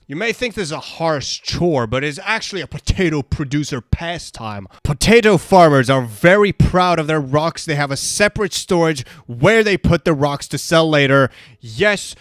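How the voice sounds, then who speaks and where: A man narrating a comedy explainer video in a deadpan, mock-serious voice-over. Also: a little high, no room sound, studio quality.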